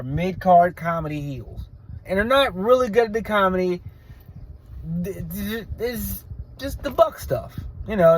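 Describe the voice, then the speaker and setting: A man's voice: high-pitched, darkish tone, slight background noise. Blunt rambling man reviewing wrestling. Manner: blunt, rambling, frequent restarts and stammers. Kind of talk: casual opinionated review.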